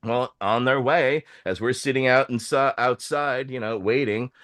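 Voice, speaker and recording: A man hosting a show, telling a long story in a casual, animated way, acting out the voices of people he quotes. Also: mid-range voice, measured pace. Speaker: host.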